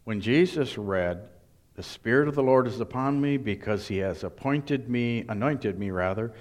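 A man preaching a sermon, emphatic and deliberate, now and then voicing what the crowd thinks. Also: medium pitch. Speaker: pastor.

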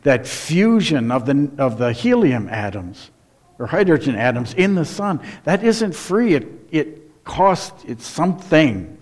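A man's voice: fairly high pitch, very animated, measured pace, darkish tone. A man pastor preaching a sermon in church, asking rhetorical questions and reading scripture aloud.

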